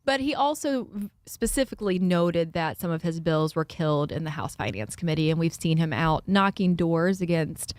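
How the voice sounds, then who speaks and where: Low-voiced woman reporter, chatty and explanatory. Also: lively intonation, moderate pace, few pauses, darkish tone, no echo. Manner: chatty, explanatory, with light laughs. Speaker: capitol reporter, guest. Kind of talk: conversational news analysis. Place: radio studio. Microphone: close studio microphone.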